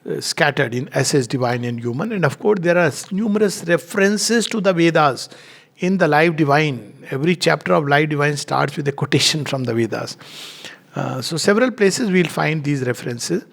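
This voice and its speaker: Male lecturer, fairly high voice with gravelly fry, thoughtful, pauses mid-sentence. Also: a bit bright. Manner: measured, reflective, pauses with frequent "uh". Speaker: lecturer on spiritual texts. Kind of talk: explanatory spiritual lecture.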